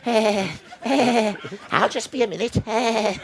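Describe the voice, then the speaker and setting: A squeaky, nervous male puppet hare from a children's show, put on by a Welsh man. The voice sits far above a man's normal range and bleats in short, strained, nasal bursts. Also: takes it slowly, a little hiss or hum. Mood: silly.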